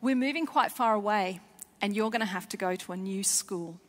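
A woman voicing a serious, patient father breaking big news to his young daughter, speaking gravely and deliberately. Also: mid-range voice, lightly acted. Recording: long hall reverb.

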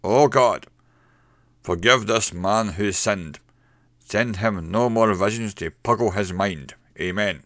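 A man voicing a huge, impatient hotel owner who speaks in a gruff, booming voice in a story reading. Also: normal speed, sharp tone, no room sound, studio quality. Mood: solemn prayer.

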